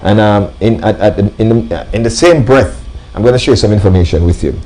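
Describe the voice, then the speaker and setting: A man hosts a live radio talk show from a studio. His voice sits fairly low, and he talks in an emphatic, preacher-like way, leaning on repeated phrases and calling out to his listeners. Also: normal speed. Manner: emphatic, repeats "ladies and gentlemen". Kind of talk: live talk radio monologue with sponsor reads.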